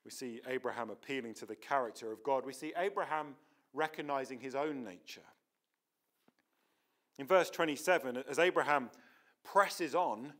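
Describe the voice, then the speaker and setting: A man's voice: fairly high pitch, fairly bright tone. A man preaching a sermon in a church, earnest and emphatic, often restarting his words.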